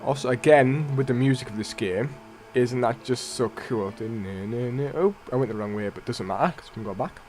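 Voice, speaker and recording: A man's voice: mid-range voice, moderate pace, few pauses, darkish tone. A man hosting a let's play, giving casual, rambling gameplay commentary that often corrects itself. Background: faint game music.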